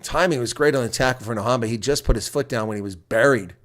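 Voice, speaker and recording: A middle-aged man calling a rugby match live from his own desk. He swings from loud, excited shouts at big plays to easy, rambling chat, reading viewer comments aloud. His voice sits at an ordinary middle pitch. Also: quick pace. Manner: erupts into loud excited shouts at big plays, then settles into chatty talk. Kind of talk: live play-by-play and color commentary.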